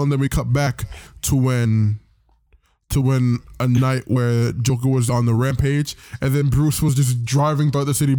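A man's voice: mid-range voice, darkish tone, no echo, studio quality. A man hosting a podcast, casually recapping a comic in a rambling, profane way and briefly putting on voices for the characters. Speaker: podcast host.

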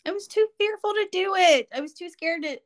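A woman's voice: very high-pitched, brisk. A woman co-hosting a podcast, telling stories in casual chat and laughing easily. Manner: animated storyteller, laughs until tearful. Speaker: podcast co-host.

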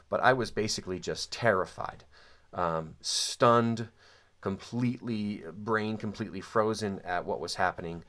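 A man with a somewhat low voice recalls his childhood in a loose, unscripted way. He halts often with ums and restarts, and now and then drops a dry, wry aside. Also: a bit bright. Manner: hesitant, many ums and restarts. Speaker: storyteller. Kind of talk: casual spoken recollection of childhood.

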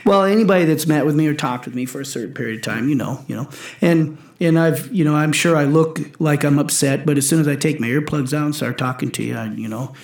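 A man's voice: fairly high pitch, fast, roomy sound. A man in his forties, a powerlifter and coach, talking intensely in casual chat, swearing and acting out his own quotes. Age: 40s.

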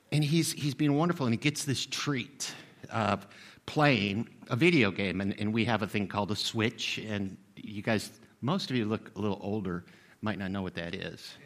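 A man in his sixties, a pastor giving a sermon in a relaxed, conversational, self-deprecating way, full of fillers and restarts. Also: lowish voice. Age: 60s. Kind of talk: sermon with personal story.

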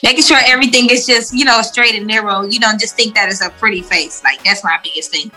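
A woman's voice: medium pitch, fast talker, sharp tone, faint music behind, rough recording. A young woman from Atlanta with a strong Southern accent, chatting casually as an interview guest and leaning on "like" a lot. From Atlanta, Georgia, US. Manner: loose, filler-heavy talk with frequent "like". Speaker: guest musician.

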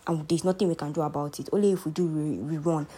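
A woman's voice: low-pitched, fairly even intonation, fast, dark tone, husky. A young Nigerian woman hosting a podcast, speaking earnestly and heartfelt as she encourages listeners to keep faith. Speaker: podcast host. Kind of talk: motivational faith talk.

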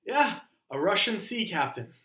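Animated man telling stories, bright tone. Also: sits high, unhurried, reverberant. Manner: animated storytelling with mock impressions. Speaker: podcast co-host. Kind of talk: casual chat.

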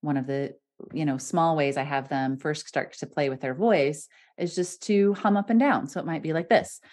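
A woman's voice: deep voice, moderate pace, a little mellow. A woman hosting a podcast as a voice coach, talking animatedly and laughing often between points. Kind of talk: casual podcast conversation.

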